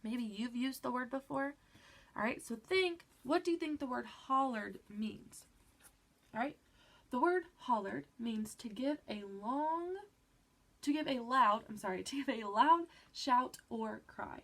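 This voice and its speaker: A woman's voice: on the high side, animated, unhurried, a bit bright. A woman teacher with a stuffy nose, patiently guiding children through a reading lesson and checking in with them often. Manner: patient, encouraging, frequent "all right" check-ins.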